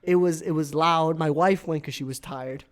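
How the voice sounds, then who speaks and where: Male podcast guest, New York accent, loud and emphatic, argues back. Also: on the high side, fairly even intonation, normal speed. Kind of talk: casual storytelling chat.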